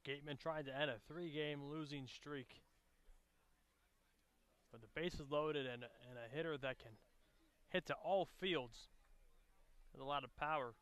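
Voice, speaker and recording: A man giving baseball color commentary, offering steady, stat-focused analysis between pitches. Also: measured pace, long pauses, clean tone.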